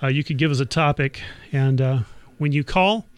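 A woman hosting a public affairs radio show, pitching a pledge drive and the news in a measured, halting way. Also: no echo. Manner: measured, halting, with many fillers. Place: radio studio.

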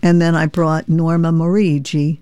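A woman's voice: low-pitched, little pitch movement, moderate pace, warm tone, clear, resonant tone, dry recording. A woman from New York, a memoir author and performer, earnest and reflective, reading from her memoir and chatting as a guest. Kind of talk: reading memoir, then casual interview chat.

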